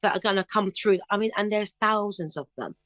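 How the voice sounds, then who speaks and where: A middle-aged woman talks in an interview with a chirpy, upbeat manner and brings her stories to life. Her voice sits at an everyday pitch. The recording is close and dry, with no room sound. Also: brisk, dry recording. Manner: chirpy, upbeat, animated storytelling. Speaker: guest singer. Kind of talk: casual interview chat.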